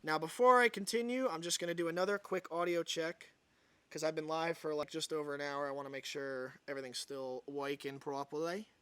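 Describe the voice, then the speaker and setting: A man's voice: on the high side, fairly even intonation, brisk, fairly bright tone, clean tone. Sarcastic, exasperated man on a livestream. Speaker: livestream host. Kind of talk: ranting live commentary, reading an article aloud.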